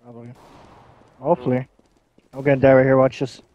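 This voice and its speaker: A young man talks over a match as host, joking and teasing in easy banter. His voice sits at an ordinary pitch for a man, close on a headset. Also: level tone, brisk, muffled recording. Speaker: gaming channel host. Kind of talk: casual gameplay commentary.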